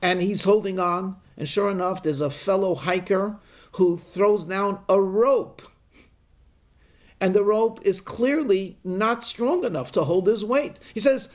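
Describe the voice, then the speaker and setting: A male rabbi giving a sermon, telling a parable with deliberate, slowed emphasis. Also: high voice, expressive, darkish tone.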